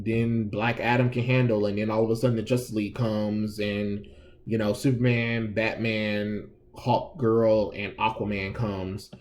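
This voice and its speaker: A man's voice: lowish voice, darkish tone. A man giving a casual, exasperated review of a comic book, sarcastic, slangy and full of restarts.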